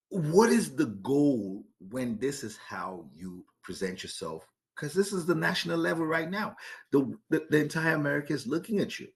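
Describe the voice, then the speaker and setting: A man's voice: fairly high pitch, normal speed, vocal fry. A man hosting a podcast, giving opinionated commentary, asking rhetorical questions and often restarting sentences with repeated words. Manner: emphatic, repeats words when starting sentences; poses rhetorical questions to listeners. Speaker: podcast host.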